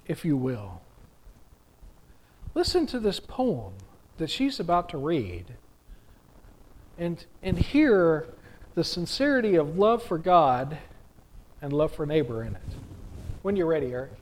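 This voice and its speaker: A man preaching as a pastor, slow and emphatic, building through repeated phrases. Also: a little high, very animated, slight background noise, rough recording. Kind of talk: sermon.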